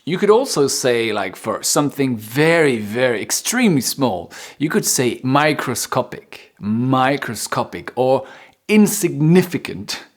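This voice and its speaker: A man's voice: medium pitch, big pitch swings, a little slow. A man teaching English vocabulary, repeating each new word for learners. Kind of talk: vocabulary lesson.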